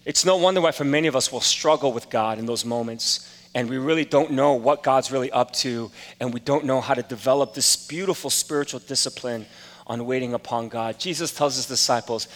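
A man's voice: mid-range voice, fairly quick, in a large hall. A man in his forties preaching a sermon in a casual, storytelling way with self-deprecating humor. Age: 40s. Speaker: pastor.

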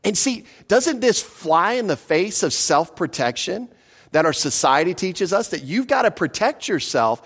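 A man preaching a sermon in a fairly high voice. He talks to his listeners like a conversation, asks them questions, and slows down to stress each verse he reads. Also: sing-song, a bit bright, husky. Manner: slows for emphasis on scripture. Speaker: pastor.

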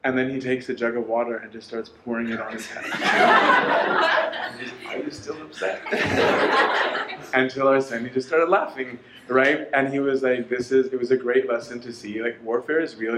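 A man of middle pitch tells a story in a lecture. He talks in a lively, animated way and acts out the voices in the story. The room is echoey, with a faint ambient hum. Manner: animated storytelling, quoting others in dialogue.

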